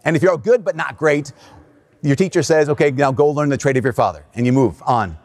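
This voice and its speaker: A man's voice, a touch higher than most, preaching in church. He reads scripture deliberately and then shifts into an easygoing, conversational homily full of fillers and asides. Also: a little mellow. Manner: reads scripture slowly, then talks casually with fillers and laughs. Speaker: priest. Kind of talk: gospel reading and homily.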